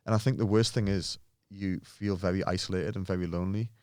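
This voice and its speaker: A man's voice: sits low, fairly even intonation, brisk, darkish tone, clean tone, dry recording, studio quality. A man from England, a guest telling personal stories in casual, earnest conversation. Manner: earnest, mimics others' voices in anecdotes. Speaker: podcast guest, pro bodybuilder.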